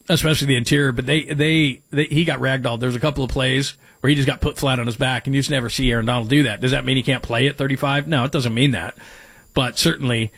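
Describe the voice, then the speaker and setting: A man hosts a daily sports radio show in a rambling, joking way and reads out texts from listeners. His voice is light and mid-pitched. The sound is dry and close. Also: a bit bright, slightly rough, no echo. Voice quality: light, higher voice. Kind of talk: casual sports talk.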